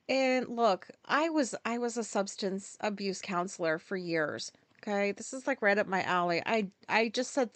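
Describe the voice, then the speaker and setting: A woman in her forties, her voice on the high side and a little slow, hosts a podcast in a dry recording. She tells a story in a casual, rambling monologue, full of fillers, restarts, and self-interruptions.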